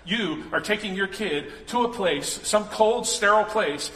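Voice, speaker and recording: A man's voice: high voice, unhurried, a bit bright. A man preaching a sermon in a casual, joking way, acting out the voices he quotes. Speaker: pastor. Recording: echoey hall, long reverb.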